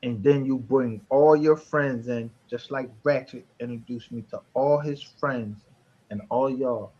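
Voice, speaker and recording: Husky man ranting on a livestream. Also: mid-range voice, a little slow, lo-fi sound. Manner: profane, mocking, shouting with bursts of laughter. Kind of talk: heated livestream argument.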